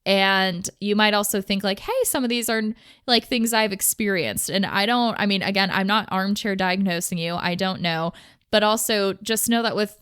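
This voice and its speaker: A young woman talks in a candid, chatty podcast style, her everyday voice sitting at a middle pitch. She rattles along in quick bursts, full of "like", and the recording is close and dry with no room around her. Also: fairly bright tone, smooth, no echo. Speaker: podcast host. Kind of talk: casual personal talk on mental health.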